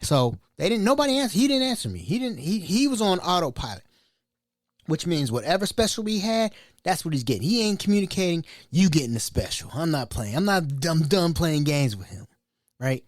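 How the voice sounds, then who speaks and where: A man, a chef, telling colloquial anecdotes in a casual, animated way. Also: a little high, fairly quick, no echo, clean studio sound. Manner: animated, colloquial, laughing asides. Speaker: chef, storyteller.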